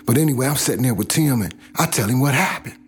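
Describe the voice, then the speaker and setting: A man's voice: mid-range voice, lively intonation, quick pace, faint music behind. A middle-aged man from South Los Angeles telling his own life story in a blunt, profane, casual way.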